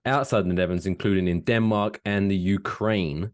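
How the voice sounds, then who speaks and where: A man, co-hosting a casual podcast, telling stories with lively, swooping emphasis. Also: normal speed. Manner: animated storytelling, swooping pitch, laughs while talking. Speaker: podcast co-host.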